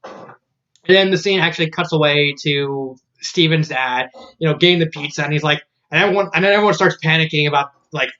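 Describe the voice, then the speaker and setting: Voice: mid-range voice, fairly quick, bright, forceful tone. Rambling fan-fiction reviewer, lo-fi. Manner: rambling, with frequent restarts and laughter. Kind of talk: casual spoken review.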